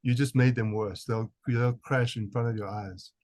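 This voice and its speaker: This interview guest is a physician with a South African accent whose medium-pitched, darkish voice stays steady at a moderate pace. He answers with emphasis, frequently repeating words when he restarts. There is no echo on the recording.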